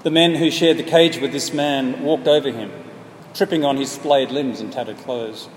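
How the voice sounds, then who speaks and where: A male preacher narrating a story with earnest, measured delivery. His voice sits mid-range. It echoes through a large hall with faint noise behind. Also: medium pitch. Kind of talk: sermon storytelling.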